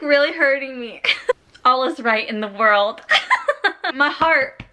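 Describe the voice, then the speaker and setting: A woman's voice: high voice, animated, slow, pauses often, sharp tone. A woman talking through her reading in a casual vlog, gushing and laughing often, with a lot of "like" fillers. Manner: heavy use of "like" fillers. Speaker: book vlogger.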